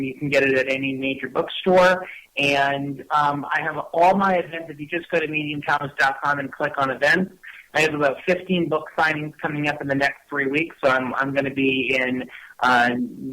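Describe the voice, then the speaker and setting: A man's voice: mid-range voice, bright, forceful tone, rough recording. A man who is a guest on a radio show, listing his book signings and website with many hesitant fillers. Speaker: guest author. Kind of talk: promoting book and events.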